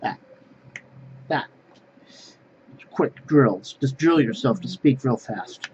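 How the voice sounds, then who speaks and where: A man's voice: mid-range voice, expressive, slow pace, a little mellow, highs cut off, a little hiss or hum. A man ranting casually to camera in a vlog, blunt and repetitive, often restarting his phrases. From Poland. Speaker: vlogger.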